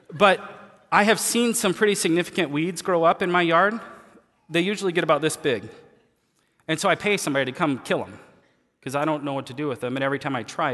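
A man preaching a sermon as pastor, folksy and colloquial, moving between quiet asides and loud emphatic lines. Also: a little high. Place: church sanctuary. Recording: long hall reverb.

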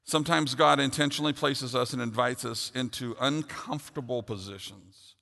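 A man's voice: mid-range voice, moderate pace, gravelly, pushed and bright. A middle-aged man preaching a sermon, earnest and then telling a funny personal story. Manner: earnest, builds to humorous storytelling. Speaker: pastor. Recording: long hall reverb.

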